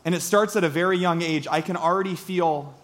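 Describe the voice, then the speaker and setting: A man's voice: a little high, fairly quick, fairly bright tone. A man in his thirties from Iowa preaching a sermon, earnest and storytelling, asking the congregation questions. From Iowa, United States. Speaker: pastor.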